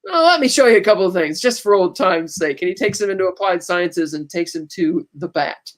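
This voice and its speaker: Guy with a highish voice retelling movie scenes on a podcast, lots of quoting and restarts. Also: animated, brisk. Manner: retells scenes with quoted lines, many restarts. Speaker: podcast co-host. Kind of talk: casual movie recap chat.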